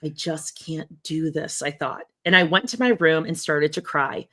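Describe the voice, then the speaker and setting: Woman, podcast co-host, lower voice, casual reader with frank asides. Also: normal speed, fairly bright tone. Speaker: podcast co-host reading a memoir aloud. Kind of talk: casual chat and reading aloud.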